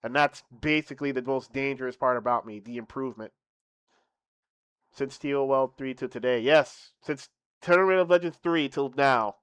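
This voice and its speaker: A young man streaming casually to his viewers, boasting playfully, laughing, then thanking them softly. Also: mid-range voice, moderate pace, smooth, dry recording.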